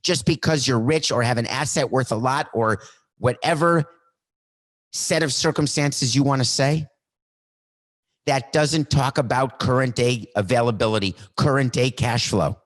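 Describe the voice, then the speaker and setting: A male sports podcast host delivering a solo monologue with a mid-range voice. He talks in a worked-up, animated way, jumping into mock skits to make his point. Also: medium pitch, unhurried.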